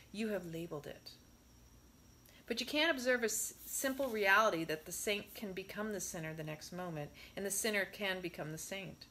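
A woman reading a spiritual discourse aloud in a measured way, stressing her rhetorical questions. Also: medium pitch, pushed and bright, slight background noise.

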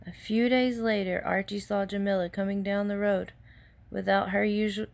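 A woman's voice: medium pitch, fairly even intonation, moderate pace, creaky. A woman teacher reading a picture book aloud to children and asking them questions between pages.

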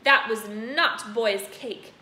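A woman voicing a cruel, tyrannical headmistress who booms and hurls insults. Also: slow, heavily acted. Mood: furious. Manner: booming, shouting insults. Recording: roomy echo, faint noise.

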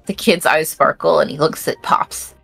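A woman's voice: sits low, normal speed, gravelly, a bit bright, slightly rough, faint music behind. A woman narrating as game master of a tabletop game, casual with many fillers.

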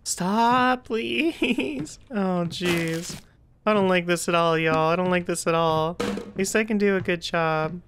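A woman with a fairly low voice talks through a horror game, chatty and full of fillers. She startles easily and breaks into nervous outbursts. Her throat sounds a little rough, and a faint hiss sits under the recording. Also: fairly even intonation, normal speed. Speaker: gaming streamer.

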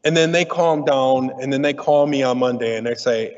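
A middle-aged man giving a lively, teasing conference talk to an audience. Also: mid-range voice, moderate pace, hardly any pauses. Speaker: diversity speaker. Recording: muffled audio in a reverberant hall.

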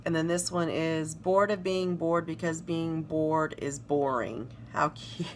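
A woman's voice: low voice, steady tone, unhurried, slight background noise. A woman from South Carolina with a Southern accent, casually showing off planner stickers and gushing over them. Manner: gushing, reads sticker phrases aloud. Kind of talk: casual show-and-tell narration.

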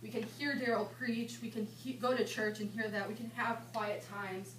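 A young woman in her twenties, a campus ministry intern, leading an informal seminar with chatty, animated storytelling. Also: a little high, moderate pace. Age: 20s. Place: indoor meeting room at a retreat. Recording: echoey room, mic far off, background hum.

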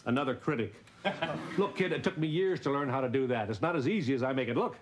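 A man's voice: medium pitch, animated, quick pace, lightly acted. A man playing a wisecracking old stand-up comic. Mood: joking. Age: older. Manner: wisecracking, eager, stammers when nervous. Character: washed-up older male stand-up comic, brash joker. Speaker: sitcom character. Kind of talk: 1980s sitcom acting. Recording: hissy old TV recording.

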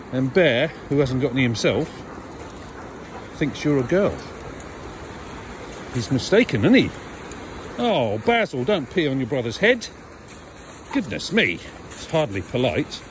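A man, a dog trainer, chatting and teasing his dogs while out walking in a frosty field. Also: medium pitch. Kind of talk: casual talk to dogs on a walk. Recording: outdoor recording with clear background noise.

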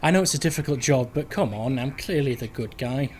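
A gaming video host talks casually over his own playthrough, rambling and thinking out loud in let's-play style. His voice sits in the middle range, and he speaks fairly quickly with plenty of expression.

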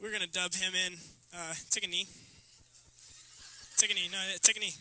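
A young man hosting a talent show on stage, joking loudly and breaking into banter with his co-host. His voice sits high and sounds very bright and sharp. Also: level tone, normal speed, low-quality recording. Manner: loud, joking, interrupting banter. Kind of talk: live stage comedy hosting.

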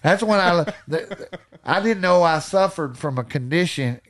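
A man with a Texan accent, a podcast guest telling animated stories with folksy country slang and frequent laughter. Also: a little high, unhurried. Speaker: podcast guest, hunting storyteller. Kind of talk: casual storytelling.

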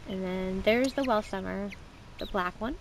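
A chatty woman shows off her backyard chickens and ducks on a handheld camera, talking in an easygoing, middle-of-the-road voice. She is outdoors by the coop, and clear outdoor noise and birds sit behind her. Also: unhurried. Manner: chatty, talks to her birds in a high coaxing voice. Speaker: vlogger. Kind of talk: casual show-and-tell vlog.

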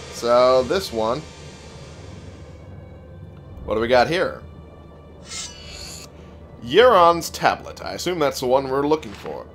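A young man drawls his way through a let's-play, swearing freely and cracking dry jokes at the on-screen text. His pace is slow and unhurried, with the game's music running clearly underneath. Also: medium pitch, fairly bright tone, low-quality recording. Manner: slow, swearing, reads item text aloud with wry jokes. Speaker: gameplay commentator. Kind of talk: casual let's-play commentary. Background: game music.

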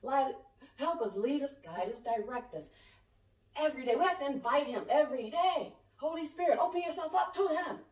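Fervent high-voiced woman preaching, roomy echo. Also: animated, moderate pace. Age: 40s. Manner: fervent, rambling, colloquial, shifting between shouting and soft asides. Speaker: self-styled prophet. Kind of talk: impassioned spontaneous preaching to camera. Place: her home, indoors. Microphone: camera set up at a distance. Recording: echoey room, voice heard from a distance.

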